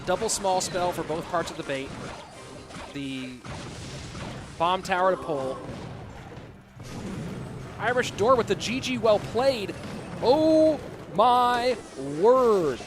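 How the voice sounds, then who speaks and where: Guy casting a game stream live, kinda high voice, hyped and chatty, music going behind him. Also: slow, pauses often. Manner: chatty, excitable, thanks viewers by name. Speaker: esports caster and streamer. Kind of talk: live game commentary mixed with chat reading. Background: background music.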